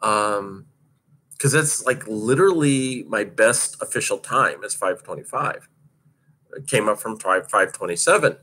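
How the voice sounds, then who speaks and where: Man, casual storyteller: lively, husky delivery, laughs and curses through the anecdote. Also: lowish voice, unhurried. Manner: animated, laughing, swearing freely. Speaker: roller derby skater recounting practice.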